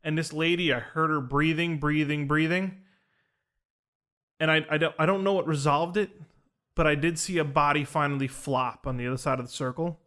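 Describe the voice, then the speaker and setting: A young man tells a story in casual conversation, his voice pitched somewhat high. He is earnest and rambling, with plenty of fillers and false starts. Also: steady tone, moderate pace, a bit bright. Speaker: podcast host recounting a ceremony.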